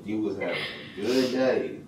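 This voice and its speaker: A man's voice: animated, a little slow. A young man in a casual home prank vlog, pleading and teasing, recorded at home. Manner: pleading, teasing, big pitch swings. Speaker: vlogger. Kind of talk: casual prank video chat. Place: indoors at home. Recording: echoey room, distant mic, background noise.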